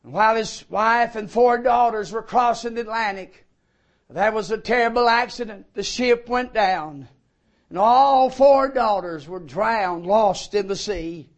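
High-voiced fervent preacher, slow and shouting. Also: male voice. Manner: fervent, breaking into shouts of praise. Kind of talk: sermon.

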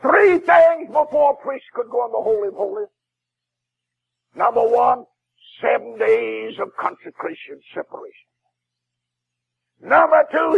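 A man preaching a fiery sermon as a Baptist preacher, shouting with a crying preaching cadence. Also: extremely high pitch, gravelly, husky, dull audio.

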